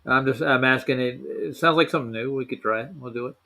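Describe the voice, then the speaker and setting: Host type, male, easygoing chat, quick to laugh. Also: medium pitch, vocal fry, bright, forceful tone. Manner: jokey, laughs often. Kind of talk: casual chat.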